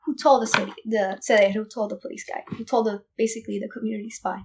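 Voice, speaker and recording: A young woman from Puerto Rico, a podcast guest, retelling a family story in an animated, emphatic way with many restarts. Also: mid-range voice, quick pace. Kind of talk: casual storytelling.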